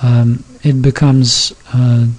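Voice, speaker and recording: A Yiddish teacher gives an informal recorded lesson, reading from a textbook and carefully sounding out example words as he explains pronunciation. His medium-pitched voice is flat, slow and a little mellow, with many fillers and restarts.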